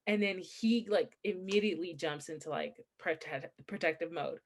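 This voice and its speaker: A young adult woman in relaxed conversation with a friend. She tells stories with energy, laughing often and acting out what people said. Her voice jumps up for punchlines and drops low for confessions. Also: moderate pace. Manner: animated storytelling, laughs often, acts out quotes. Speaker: podcast co-host. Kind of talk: casual chat.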